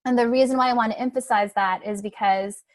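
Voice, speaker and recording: A woman's voice: a little high, fairly even intonation, brisk, no echo. A young adult woman coach giving a webinar talk in a conversational way, often tagging her points with "right?" and "like". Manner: conversational, frequent "right?" and "like" tags.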